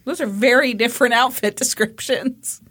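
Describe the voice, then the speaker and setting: A woman's voice: a little high, moderate pace, a bit bright, slightly rough. A woman co-hosting a podcast, reacting and joking in casual chat. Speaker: podcast co-host.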